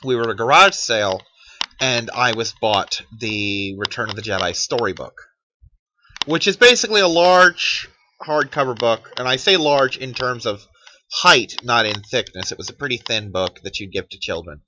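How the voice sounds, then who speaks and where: Animated, profane ranting man. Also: medium pitch, moderate pace, a little hiss or hum, poor audio. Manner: profane, animated ranting with sarcastic mock quotes. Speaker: channel host. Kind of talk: ranting monologue.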